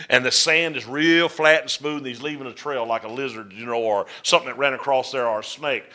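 A middle-aged man preaching a storytelling sermon, folksy and drawling, swinging between loud and soft. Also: medium pitch, a little fast, few pauses. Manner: folksy, drawling Southern-style delivery with dramatic swings in volume.

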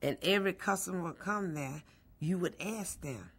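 A middle-aged mail carrier recalls a personal story in a lively, animated way and acts out what people said. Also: mid-range voice, moderate pace, husky. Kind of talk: personal recollection, oral history.

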